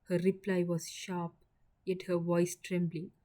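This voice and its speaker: Slow, low-voiced woman narrating a story. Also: little pitch movement, mellow.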